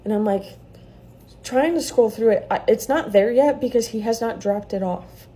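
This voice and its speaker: A woman's voice: fairly high pitch, normal speed, warm tone. A woman retelling a frightening experience in a casual storytime vlog, heated and full of swearing.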